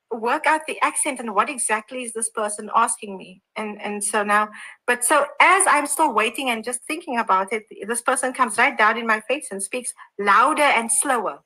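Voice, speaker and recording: Brief: south african woman, higher voice, bright and forceful, lively anecdotes. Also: normal speed, poor audio. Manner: animated anecdote teller. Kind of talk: casual live-stream chat.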